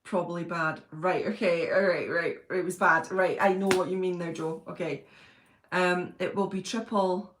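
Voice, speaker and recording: A woman's voice: on the low side, normal speed, fairly bright tone. A woman hosting a casual live stream, chatting, laughing often and reading out viewer comments. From Britain. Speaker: channel host reading live chat. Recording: roomy echo.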